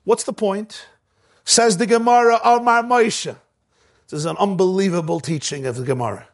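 A man with a notably high voice delivers a Torah sermon, using Ashkenazi Hebrew pronunciation. He teaches emphatically and drives his points home with rhetorical questions. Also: moderate pace. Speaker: rabbi.

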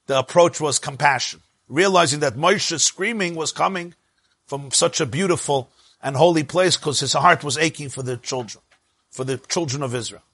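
A man's voice: a little high, normal speed, fairly bright tone, breathy edge, dry recording. A man with teaching a Torah lesson, rising and dropping sharply for emphasis. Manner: emphatic, rises and drops sharply for stress.

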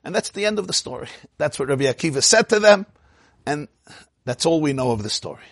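A man giving a Torah lecture, telling a Talmudic story with animated storytelling and Hebrew and Yiddish phrases. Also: fairly high pitch, brisk, gravelly, no echo, clean studio sound. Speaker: rabbi teaching.

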